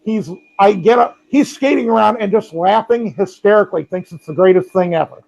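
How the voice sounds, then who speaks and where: Podcast co-host, male, high pitched with a gravelly edge, talks in loose anecdotes full of ums. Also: fairly quick, darkish tone, highs cut off. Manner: rambling anecdotes with many ums and restarts. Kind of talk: casual storytelling. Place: home with a robot vacuum running.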